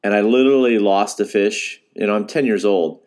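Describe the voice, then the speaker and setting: A man's voice: on the low side, fairly quick, darkish tone. A middle-aged man, a fishing guide, telling a personal story in a casual, rambling way, with restarts and laughs. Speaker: fishing guide and podcast host.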